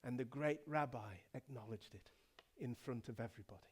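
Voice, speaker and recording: A middle-aged male pastor from England preaching a sermon, telling the story dramatically and swinging from hushed to loud. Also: mid-range voice, fairly quick, a little hiss or hum.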